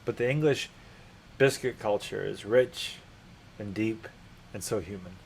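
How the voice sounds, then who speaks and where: A man hosting a conversational interview in a low voice. He probes his guest and keeps pushing with follow-up questions. A faint background noise sits under his speech. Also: unhurried, gravelly. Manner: probing, pushes with follow-up questions. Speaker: host.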